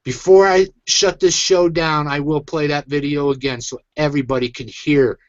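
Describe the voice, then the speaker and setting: A man's voice: a little high, fairly even intonation, moderate pace, dry recording, lo-fi sound. A man hosting his own online show, venting in an agitated, emphatic rant. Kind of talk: angry ranting commentary.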